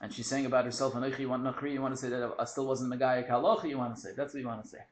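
Fast talking guy teaching a text class, bouncy voice, roomy echo. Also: medium pitch. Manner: animated, quick, mixing Hebrew and Yiddish terms. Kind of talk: lively text study class.

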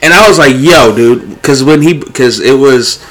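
A young man chatting casually, telling an animated story full of slang and swearing. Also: medium pitch, moderate pace. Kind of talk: casual chat.

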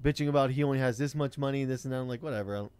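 A man's voice: medium pitch, rapid-fire, a little mellow, smooth, no echo. A man, telling a rideshare-driving story in blunt, profane casual chat.

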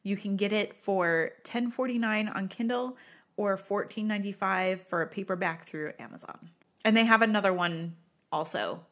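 A woman co-hosting a podcast in casual chat, jokey and quick to exclaim. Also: mid-range voice, fairly bright tone. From United States. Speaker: podcast co-host.

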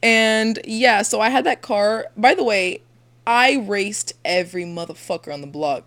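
A woman's voice: mid-range voice, measured pace, fairly bright tone. A young woman co-hosting a podcast, telling a rambling, crude story in casual chat and laughing often. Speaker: podcast co-host.

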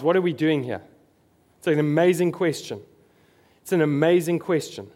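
A man's voice: on the high side, a little mellow. A man preaching a sermon, earnest and emphatic, repeating his key phrases.

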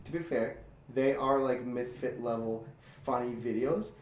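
A young man hosting a casual podcast chat, telling stories with swearing, loud impressions and frequent laughter. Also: medium pitch, measured pace, a crowd in the background. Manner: animated storytelling with shouted impressions and laughter. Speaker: podcast host. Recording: echoey room.

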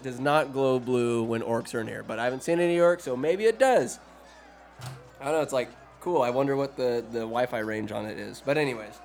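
A man's voice: medium pitch, creaky. A man giving a casual, comedic movie recap, rambling and profane with sarcastic asides.

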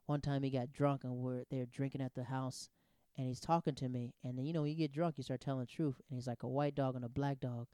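A man in his thirties telling personal stories in a casual, animated, digressive way, often restarting his sentences. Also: medium pitch, quick pace, clear, resonant tone, no echo. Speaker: storyteller. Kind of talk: casual anecdotal storytelling.

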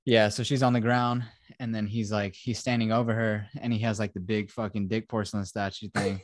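A man's voice: fairly low pitch, flat delivery, fairly quick, no room sound, studio quality. A young man hosting a podcast, rambling and swearing as he retells a film plot in casual chat. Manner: profane, rambling storyteller. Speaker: podcast host.

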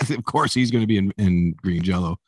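A man's voice: lowish voice, animated, measured pace, breathy edge, dry recording. A man being interviewed as a musician, telling stories in a rambling, casual way, swearing often and laughing as he goes. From Canada. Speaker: musician guest.

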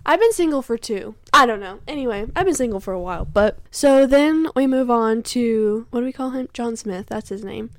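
Laughing young Midwestern woman, slightly high. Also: brisk, few pauses, dry recording, studio quality. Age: 20s. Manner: animated storytelling, laughs often. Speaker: podcast co-host. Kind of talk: casual chat.

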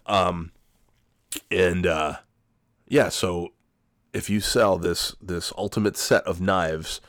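A man's voice: sits low, fairly even intonation, slow pace, a bit bright, dry recording, clean studio sound. A man in his forties with a cold, telling a rambling, profane story in a casual monologue. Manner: rambling, profane, self-correcting. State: has a cold.

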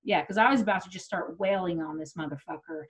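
A middle-aged woman talks fast in a lowish, slightly rough voice, relating a personal story in casual conversation. She swears freely, acts out what others said, and stays animated throughout. The audio is muffled and lo-fi.

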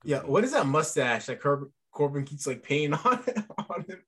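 A man's voice: fairly high pitch, husky. Giggly man with a raised voice. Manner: giggly, quick to laugh, animated. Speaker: podcast co-host. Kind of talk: casual chat.

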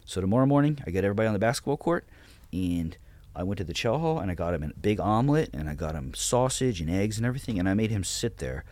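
Man, thirties, very low voice, swings up and down a lot, blunt and profane, dry close sound. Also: big pitch swings, quick pace, few pauses, a little mellow, no room sound. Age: 30s. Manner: blunt, profane, retells his own orders. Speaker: podcast guest. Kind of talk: casual interview storytelling.

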